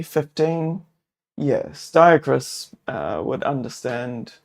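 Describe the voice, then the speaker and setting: A man's voice: mid-range voice, gravelly, darkish tone. A man narrating a solo tabletop adventure, musing and thinking aloud with many fillers.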